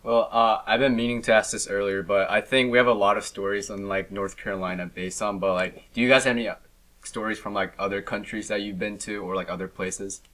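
A man's voice: fairly low pitch, fairly even intonation, a little fast, fairly bright tone. A young man in casual chat, asking a question hesitantly with many fillers.

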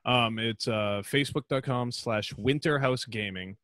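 An American man talking casually as a podcast guest, his voice sitting at a middle pitch. He laughs often and rambles, restarting his sentences. The sound is dry and close, with no room echo. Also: measured pace, fairly bright tone. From United States. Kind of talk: casual chat.

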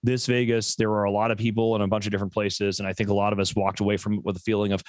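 A man's voice: fairly low pitch, level tone, fast, few pauses, dry recording. An American man co-hosting a podcast, talking in a rambling, profane way full of stammered repeats. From USA. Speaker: podcast co-host. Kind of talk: casual chat.

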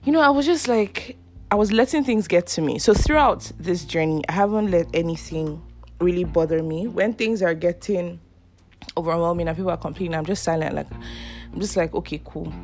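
A woman's voice: on the low side, fairly quick, darkish tone, soft background music. A young woman, hosting a podcast and telling a personal story casually, laughing often. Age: 20s. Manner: chatty, laughs often, acts out quoted voices. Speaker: podcast host.

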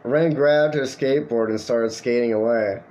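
A man hosting a podcast, reading an online story aloud and breaking in with crude, animated comments. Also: mid-range voice, normal speed, slight background noise. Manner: profane, animated storytelling with asides. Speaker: podcast host.

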